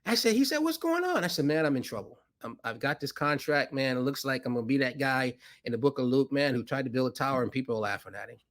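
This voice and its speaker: A man, a podcast guest who is a financier, telling a story with animated delivery and acting out voices in it. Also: fast, hardly any pauses. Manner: acts out dialogue with rising pitch, laughs often.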